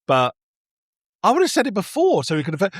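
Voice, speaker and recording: A man's voice: high-pitched, fairly quick, husky, dry recording, clean studio sound. A man in his thirties co-hosting a podcast, playful and laughing as he talks about films. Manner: playful, laughing, animated asides. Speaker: podcast co-host. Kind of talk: casual film chat.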